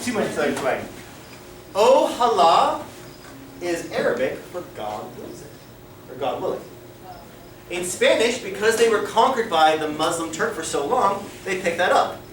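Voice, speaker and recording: A male teacher with a high voice runs a lively lesson, throwing questions at the class and slipping in Spanish phrases. He is picked up from across the room, so the sound is distant and echoey, with a faint hiss underneath. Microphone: camera across the room.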